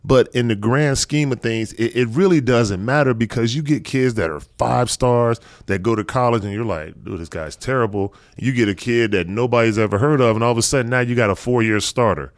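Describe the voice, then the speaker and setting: A man's voice: medium pitch, no echo. Chatty male host, dry close mic. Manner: chatty, agreeable, quick back-channels. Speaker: podcast host, football parent. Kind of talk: casual interview chat.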